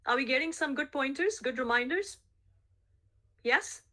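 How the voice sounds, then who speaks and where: A woman's voice: high voice, expressive, normal speed, sharp tone. Emphatic woman coaching a sales team. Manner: emphatic, repeats key phrases, checks in with the team. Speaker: sales coach leading a group call. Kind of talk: coaching session on a group call.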